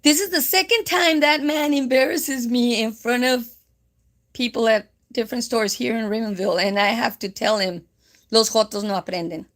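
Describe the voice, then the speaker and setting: Gravelly-voiced woman in her fifties. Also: on the high side, moderate pace, a bit bright. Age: 50s. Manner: chatty, rambling, with frequent fillers; mixes Spanish phrases into English. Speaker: live-stream host. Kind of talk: casual live-stream storytelling.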